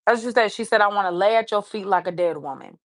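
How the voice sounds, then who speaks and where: A woman's voice: mid-range voice, quick pace, no room sound, studio quality. A woman hosting a livestream, earnestly retelling someone's story and often stopping to say "she said". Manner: earnest retelling with many repeated "she said" asides. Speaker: livestream host.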